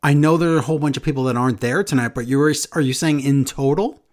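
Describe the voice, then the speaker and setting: A man with a mid-range, darkish voice talks fast as co-host of a casual wrestling podcast. He sounds sarcastic and exasperated, throwing in mocking impressions.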